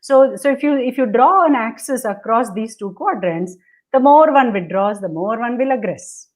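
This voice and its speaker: A woman's voice: a little high, lively intonation, normal speed. A woman coaching on relationships, dictating step by step over a video call and acting out the attitudes she describes. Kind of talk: instructive conversation.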